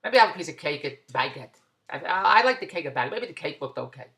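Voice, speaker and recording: A man vlogging about his day at a shopping mall, rambling and repetitive, breaking into loud plugs for his business. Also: on the high side, sing-song, quick pace, gravelly, reverberant. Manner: repetitive, tangential, with loud self-promoting plugs. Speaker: vlogger and online business owner. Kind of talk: rambling casual vlog.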